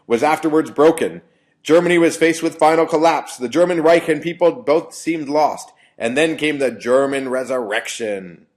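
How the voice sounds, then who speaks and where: A man doing a ranting dictator who yells his speech from the podium, loud, raised in pitch and pushed hard. The voice strains upward and punches each phrase. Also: moderate pace, natural voice. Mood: declaiming. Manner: yelling, declaiming.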